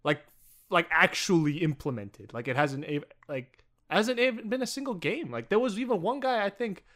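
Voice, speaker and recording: A man's voice: high voice, animated, moderate pace, a bit bright. A young man co-hosting a podcast in casual chat, rambling with lots of fillers and frequent swearing. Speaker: podcast co-host.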